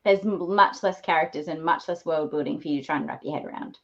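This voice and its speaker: A woman with a somewhat low voice talks in a relaxed, matter-of-fact way on a video call. Her audio comes through dull and lo-fi. She chats with friends about books. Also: fast, vocal fry. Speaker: guest reader. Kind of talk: casual group video chat.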